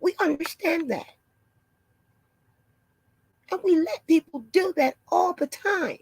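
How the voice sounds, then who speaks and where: A woman doing a mocking impression of a shocked, over-concerned woman, gasping and breathy with drawn-out alarmed phrases. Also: very high voice, darkish tone, no room sound, voice pushed up, exaggerated voice. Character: shocked, fretful high-voiced woman, overly concerned.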